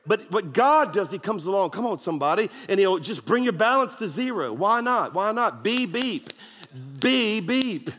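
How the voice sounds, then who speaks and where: A man's voice: high-pitched, a bit bright. A man preaching a sermon as pastor, emphatic and calling out to the congregation for responses. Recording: long hall reverb.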